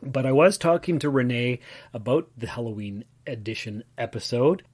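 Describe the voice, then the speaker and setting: Guy doing a solo podcast, middle pitch, lots of uh's and restarts. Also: normal speed, a little mellow, breathy edge. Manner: rambling, with many "uh" fillers and self-corrections. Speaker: podcast host. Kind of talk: casual solo podcast talk.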